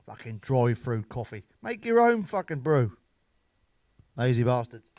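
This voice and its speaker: This middle-aged stand-up comedian has a medium-pitched, darkish voice with big swings in pitch, delivered at a normal speed with no echo. His casual storytelling and jokes are blunt and sweary, and he laughs at his own material.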